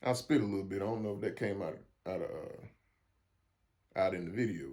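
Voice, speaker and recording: Rambling South Carolina podcast host. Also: male voice, low voice, moderate pace, a little mellow. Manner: rambling, frank and profane, frequent repeats and restarts. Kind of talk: casual solo podcast monologue.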